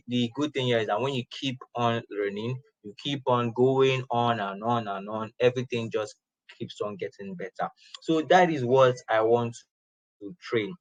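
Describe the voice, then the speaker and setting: A man's voice: medium pitch, fairly bright tone, no room sound, low-quality recording. A man giving an informal programming lesson, chatty, often repeating and restarting his phrases. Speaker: programming instructor. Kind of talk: informal classroom lecture.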